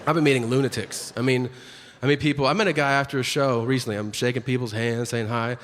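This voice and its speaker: A man's voice: medium pitch, steady tone, fast talker, a bit bright, slight background noise. A man performing a brash, profane stand-up comedy set on stage, telling stories and acting out the people in them. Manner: brash, profane storytelling with acted-out quotes. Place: theater stage before a live audience. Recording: live hall with long reverb, crowd laughter. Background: audience laughter and applause.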